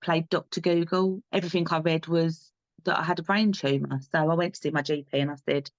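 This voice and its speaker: A woman's voice: deep voice, steady tone, brisk, no echo, highs cut off. A young adult woman from England, speaking as a podcast guest in candid interview talk, earnest and driven, repeating herself for emphasis.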